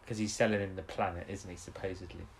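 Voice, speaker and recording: A man's voice: sits low, fairly even intonation, quick pace, creaky, a little hiss or hum. A man co-hosting a show, recapping an episode in casual chat, rambling with restarts and tag questions. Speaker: podcast co-host.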